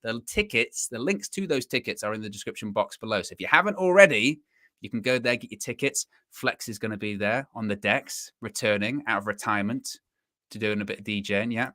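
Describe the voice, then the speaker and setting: A man's voice: lowish voice, lively intonation, brisk, bright, forceful tone, dry recording, studio quality. A young man hosting a football fan live stream, chatting casually, bantering and plugging the channel. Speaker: host of a football fan show.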